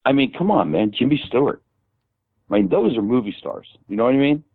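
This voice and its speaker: An older man as a podcast guest, rambling and animated as he tells stories and quotes people. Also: medium pitch, fairly quick, dry recording. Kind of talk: casual storytelling. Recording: tinny phone-like line.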